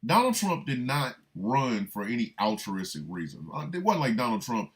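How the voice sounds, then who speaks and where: A man hosting a livestreamed radio talk show, riffing in a loose comic way and shouting out listeners by city. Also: medium pitch, sing-song, moderate pace. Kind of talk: livestreamed political comedy talk.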